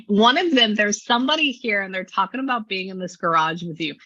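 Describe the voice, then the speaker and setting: A woman's voice: medium pitch, normal speed, bright, forceful tone. Chatty Southern woman on a dull video call. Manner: chatty, rambling, full of filler words. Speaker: psychic medium. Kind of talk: casual chat on a video session. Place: her new studio.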